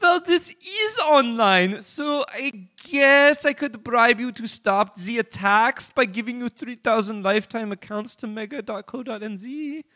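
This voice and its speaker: A man doing a comic German accent, voicing a smug file-sharing mogul in a high strained voice. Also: expressive, unhurried, hardly any pauses, bright, forceful tone, heavily acted. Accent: put-on German accent.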